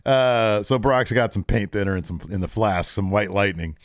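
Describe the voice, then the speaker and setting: A man's voice: moderate pace, no room sound, studio quality. A man co-hosting a podcast, retelling a wrestling show in casual chat and acting out the lines he quotes. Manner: animated retelling, acts out quotes with raised pitch. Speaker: podcast co-host recapping wrestling.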